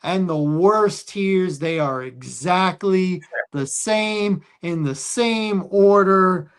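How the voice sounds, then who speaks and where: A man hosting a casual football picks show, reading out lines and odds deliberately. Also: sits high, smooth. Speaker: show host. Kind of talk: casual sports picks chat.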